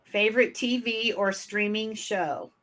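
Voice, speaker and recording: A woman's voice: medium pitch, fairly even intonation, measured pace, a bit bright. A woman from Michigan with a northern US accent, hosting a podcast interview in a friendly, chatty way with fillers. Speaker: podcast host. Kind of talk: casual interview.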